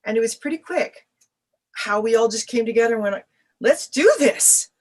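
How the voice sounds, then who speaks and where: Animated middle-aged woman telling stories. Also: on the high side, brisk. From Canada. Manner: animated storyteller, acts out quoted voices. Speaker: musician guest. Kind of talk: casual interview answers.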